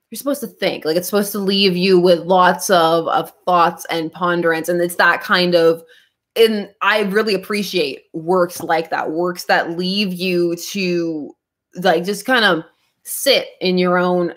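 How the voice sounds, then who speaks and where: A woman's voice: on the low side, fairly bright tone. A woman hosting a casual comic book club livestream, talking in a rambling way with many restarts and laughs. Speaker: comic book channel host.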